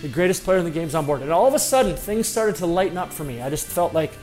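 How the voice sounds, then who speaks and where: A former hockey player telling a story in a casual, rambling way, with a self-deprecating tone and frequent fillers and restarts. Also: male voice, fairly high pitch, animated, fast talker, few pauses, darkish tone, soft background music.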